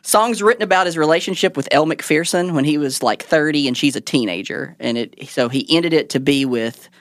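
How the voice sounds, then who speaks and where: A man's voice: a little high, brisk, no echo, clean studio sound. A man co-hosting a music podcast, enthusiastic and rambling as he explains songs and chords. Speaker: podcast co-host. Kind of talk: casual music chat.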